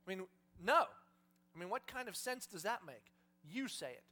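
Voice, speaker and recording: Male pastor preaching, funny storyteller, bright, lively voice. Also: sits high, normal speed. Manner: animated, humorous storytelling. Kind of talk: sermon.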